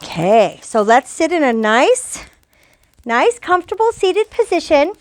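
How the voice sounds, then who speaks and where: A woman's voice: high-pitched, very animated, a little slow. An older woman, a grandmother, leading a children's yoga lesson with a cheerful, playful coaching voice. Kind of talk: guided kids' yoga lesson.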